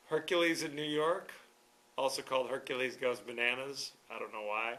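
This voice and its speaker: A man's voice: fairly high pitch, fairly even intonation, normal speed, sharp tone. A young man hosting a podcast, talking casually about a movie, with chatty fillers and restarts. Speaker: podcast host. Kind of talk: casual movie review talk.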